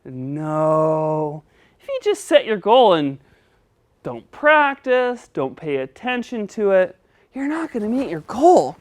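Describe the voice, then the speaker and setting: Woman coaching a speech lesson, lively pitch. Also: measured pace. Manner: patient and encouraging, coaching step by step. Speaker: teacher.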